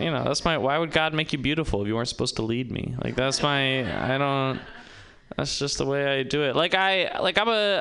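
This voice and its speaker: A man's voice: mid-range voice, gravelly, a bit bright, smooth. A man doing a rambling, self-mocking stand-up comedy set, acting out little quotes, at an open-mic venue.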